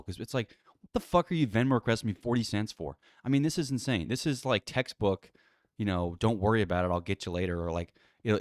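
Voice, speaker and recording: A fast-talking man with a lowish voice, ranting solo in a loose, profane, exasperated way. He rambles through fillers and restarts. The sound is close and dry. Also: no room sound. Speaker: podcast host. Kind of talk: casual solo rant.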